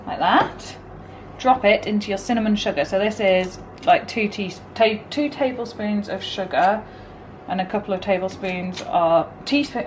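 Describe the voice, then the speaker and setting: A woman's voice: medium pitch, a little hiss or hum, rough recording. A woman, chatting casually through a home baking vlog, self-deprecating and easygoing. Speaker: vlogger. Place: home kitchen.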